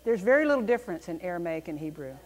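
Lady teaching bible class, lively and emphatic, echoey long reverb room. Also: lowish voice, very fast. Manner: animated, emphatic explaining.

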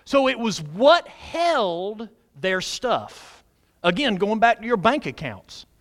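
A middle-aged man preaching a sermon, putting questions to the congregation and answering them, swinging between loud exclamations and quiet asides. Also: sits high, very animated, slow pace. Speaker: pastor.

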